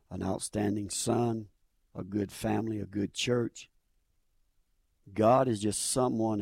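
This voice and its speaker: Low, husky man giving fervent testimony. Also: dark tone, dry recording, studio quality. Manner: earnest, fervent, repeats phrases for emphasis. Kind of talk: personal faith testimony.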